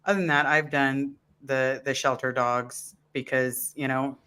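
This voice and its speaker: A woman's voice: extremely low pitch, little pitch movement, a little slow, a bit bright, clear, resonant tone. A woman hosting a live-stream chat show, talking in an impassioned, ranting way. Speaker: host.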